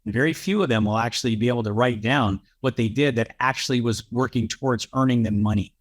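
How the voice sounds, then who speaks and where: Man, brisk real estate coach, punchy delivery, lists points fast. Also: medium pitch. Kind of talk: emphatic coaching talk.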